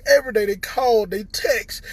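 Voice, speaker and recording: A tearful man with a Southern American accent speaks in a strained, unusually high voice, breaking and stumbling over repeated words. His tone is husky and breathy, and the sound is close and dry with no room around it. He talks straight to viewers in a heartfelt personal testimony. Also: dry recording. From Southern United States. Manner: halting, repeats words, stammering. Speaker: recovered patient addressing viewers.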